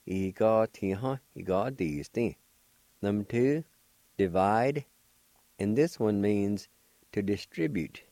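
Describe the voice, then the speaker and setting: An older man with a low, mellow voice leads a slow, careful language lesson. He spells each word letter by letter and repeats every syllable patiently. The sound is dry and close, like a small radio studio. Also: animated, no room sound. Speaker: language teacher and radio host.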